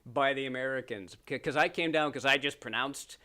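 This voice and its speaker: A man's voice: medium pitch, brisk, crowd noise. A middle-aged man from Canada, a podcast guest chatting casually, joking and laughing often as he tells stories. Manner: joking storyteller, laughs often, mimics voices. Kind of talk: casual chat.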